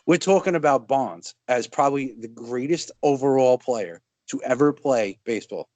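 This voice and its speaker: A man talks baseball on a podcast in an easy, chuckling way. His voice sits in a middle pitch and sounds close and dry. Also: normal speed, no room sound. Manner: relaxed, chuckling, loose phrasing. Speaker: podcast co-host. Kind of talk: casual sports chat.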